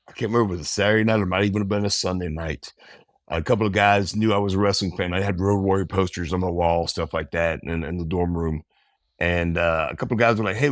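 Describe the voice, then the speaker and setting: Deep-voiced man telling old stories. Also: no room sound, studio quality. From American South. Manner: relaxed, rambling, acts out quotes. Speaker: interview guest. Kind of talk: casual storytelling.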